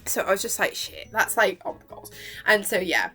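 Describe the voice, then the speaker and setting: Woman, excited chatty recap, swears freely, squeals out quotes, animated pitch. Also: a little fast, breathy edge, soft background music. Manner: gushing, swears casually, acts out quotes in high squeals. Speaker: vlogger reacting to a cartoon.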